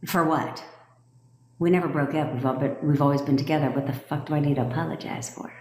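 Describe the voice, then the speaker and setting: A woman's voice: low-pitched, steady tone, fast talker, a little mellow, slight background noise. A woman coaching on a live stream in a blunt, emphatic way, swearing freely and scolding her listeners. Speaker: manifestation coach. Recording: echoey room with long reverb.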